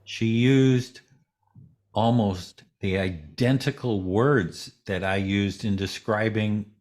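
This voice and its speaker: A man appears as an interview guest, his low voice moving at a slow pace. Easygoing, he tells a story and does the voices of those involved.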